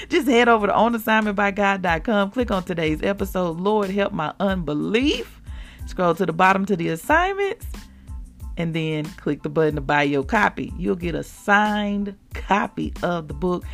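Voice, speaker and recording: A woman hosting a devotional show, reading scripture and teaching listeners in an animated, conversational way, calling them y'all. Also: fairly low pitch, creaky. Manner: animated, laughs often, addresses listeners as y'all. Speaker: podcast host and preacher.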